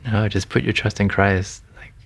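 In an interview, a man from a Thai family background shares his faith testimony earnestly and conversationally, often restarting and saying "you know." His voice is fairly low and creaky, with a steady tone at normal speed.

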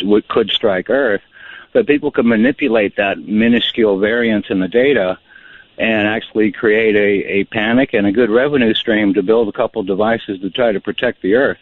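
A man's voice: fairly low pitch, dry recording. A man calling in to a radio show with a rambling question, full of ums. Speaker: caller. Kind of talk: call-in question. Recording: tinny phone line.

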